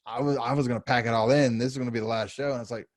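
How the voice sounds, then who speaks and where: A podcast co-host tells stories in casual chat, talking rapid-fire. He's an animated storyteller who acts out what people said with big pitch jumps. The recording is dry and clean, with studio sound.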